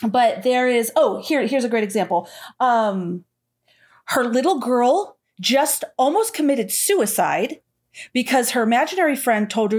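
A woman co-hosting a podcast, ranting in an animated, exasperated way and mimicking what others said. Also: a little high, measured pace. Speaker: podcast co-host. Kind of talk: casual chat.

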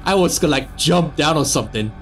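A young man giving sarcastic let's play commentary on a horror game, swearing and yelling at jump scares. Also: fairly high pitch, expressive, fast, soft background music. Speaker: gaming YouTuber.

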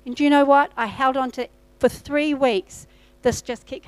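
A woman pastor with a high, clean-toned voice preaches a sermon in church at a moderate pace, though the recording is low quality. She tells a personal testimony, acting out dialogue from her own past.

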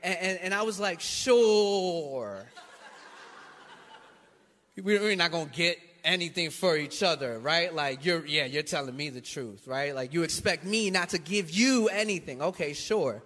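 A man's voice: a little high, normal speed, hardly any pauses, bright, forceful tone, in a large hall. A pastor from New York City telling a funny story in his sermon, acting out both sides of it.

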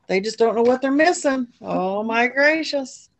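A woman librarian reading a picture book aloud at a library storytime, pausing for chatty asides to children. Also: a little high, animated, slight background noise. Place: public library.

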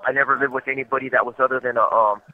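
A man's voice: medium pitch, fairly even intonation, rapid-fire. A man calling from prison, telling a long story in a loose, rambling way full of fillers and laughs. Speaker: caller from prison. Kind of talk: casual storytelling on a call. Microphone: prison phone handset. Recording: tinny prison phone line.

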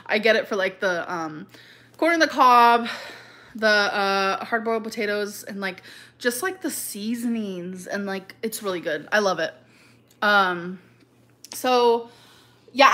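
A woman's voice: fairly high pitch, a bit bright. A woman hosting a casual live chat with viewers, rambling and chatty with many fillers and little laughs. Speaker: live stream host.

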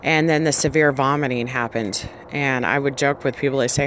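A woman's voice: extremely low pitch, steady tone, fairly quick, a bit bright, a little hiss or hum. A pregnant woman vlogger giving an earnest, rambling personal faith testimony, often restarting her sentences.

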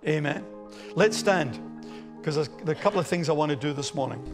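A man with an Australian accent preaching a sermon as pastor, rising to emphatic, loud phrases. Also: fairly high pitch, lively intonation, brisk, music in the background. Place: church hall.

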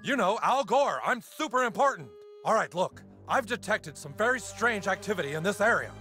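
High pompous cartoon crusader, super self important, bouncy delivery. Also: male voice, animated, a little fast, pushed and bright, soft background music. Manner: boastful, earnest, urgent.

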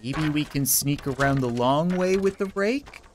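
A man's voice: a little high, measured pace, a little hiss or hum. A young man giving playful let's-play commentary, goofy and giggly, often talking to the game characters in mock-polite asides. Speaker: gameplay commentator.

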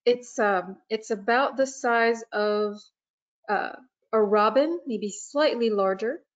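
Slow, hesitant woman presenting a webinar. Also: on the high side. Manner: slow, hesitant, many fillers. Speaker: nature preserve staff presenter.

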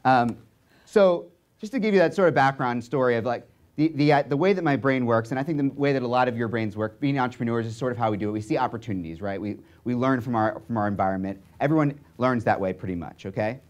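A young man speaking to an audience, telling a story in an animated way and checking in often with "right?" and "okay?". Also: medium pitch, fast talker.

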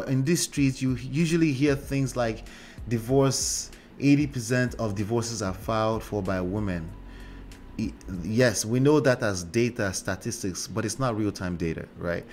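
A man hosting a relationship commentary show in a casual monologue, talking conversationally with frequent "right?" tags and fillers. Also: medium pitch.

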